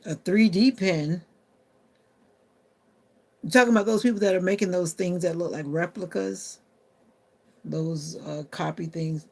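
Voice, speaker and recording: A woman's voice: lowish voice, measured pace, gravelly, long pauses, darkish tone. A woman chatting casually on a live stream, answering viewer comments aloud and talking to her phone. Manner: talks to her phone assistant.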